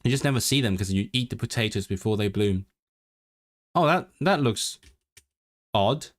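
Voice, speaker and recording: A man with a lowish voice speaks at a moderate pace into a desk microphone, casually livestreaming about language learning. A native English speaker, he thinks aloud with frequent restarts, reads the chat, and slips into learner's Welsh with lively intonation.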